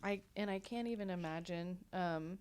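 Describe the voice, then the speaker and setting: A woman with a low-set voice hosts a podcast, speaking softly and hesitantly as she listens. She takes her time to find her words and fills the gaps with small murmurs. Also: normal speed, clean tone. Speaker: podcast host. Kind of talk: gentle listening and backchanneling.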